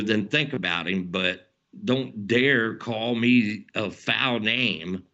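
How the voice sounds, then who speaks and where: A man with a Southern twang rants hard and rambles, swearing freely and tossing in "man" every few phrases. His voice is bright and tense, and the dull lo-fi recording rounds off its top end. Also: on the low side. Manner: profane, rambling, says "man" often. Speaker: channel host. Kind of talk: heated political rant to camera.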